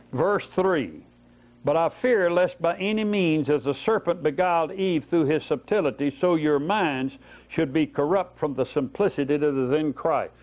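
Folksy stories and rhetorical questions run through this man's Bible-study sermon. His voice is fairly high in pitch and a little mellow, and the dull lo-fi tape recording muffles it.

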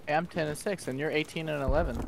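A man's voice: on the high side, fairly even intonation, fast talker, creaky, background noise. A man playing a shooter game with a friend, teasing and trash-talking in casual chat. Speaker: gaming partner. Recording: game audio with loud gunfire.

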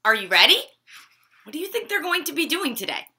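Bright, expressive woman reading to kids. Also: sits high, a little fast. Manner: asks children questions, expressive. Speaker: teacher reading to children. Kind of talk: children's story time read-aloud. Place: living room at home.

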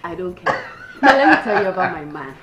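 A woman's voice: mid-range voice, lively intonation, normal speed, very noisy, lightly acted. An actress with a Nigerian accent playing a playful young woman who coaxes and chats with a seminarian friend. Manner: coaxing, chatty. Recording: film audio with loud score.

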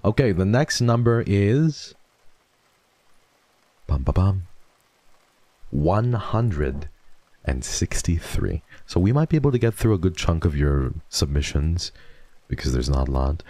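A young man streaming casual chat, mock-emo and swearing freely, dropping to mumbles and then jumping into excited high squeals. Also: takes it slowly, pauses often, no room sound.

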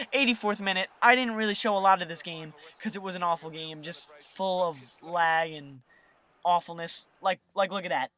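A young gamer giving excitable gameplay commentary over a football video game, swinging between hype and annoyed rants. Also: mid-range voice, dry recording. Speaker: gaming video host.

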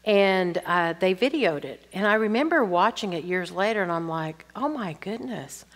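A woman's voice: lowish voice, animated, normal speed. An older woman teaching, reading audience questions aloud and answering them candidly with chatty personal stories. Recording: long reverb from a hall.

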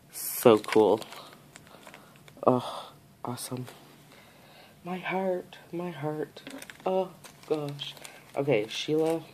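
Give me a woman talking slowly and gushing over a haul, speaking right to the camera. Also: very deep voice, a little mellow, slight background noise, low-quality recording. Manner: gushing, repeats her praise; talks straight to the camera and the sender. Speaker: nail art vlogger. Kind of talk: casual haul unboxing chat.

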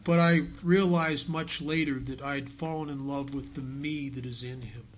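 A man's voice: mid-range voice, fairly even intonation, moderate pace, a little hiss or hum. Earnest man telling his recovery story. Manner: earnest storytelling, drops to a hush on key lines. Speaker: AA speaker. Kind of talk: recovery talk to a meeting. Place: meeting hall.

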